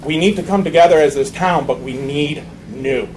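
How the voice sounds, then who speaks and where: A man's voice: on the high side, moderate pace. Impassioned man giving a campaign speech. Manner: impassioned, emphatic, repetitive. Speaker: mayoral candidate. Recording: noisy room recording.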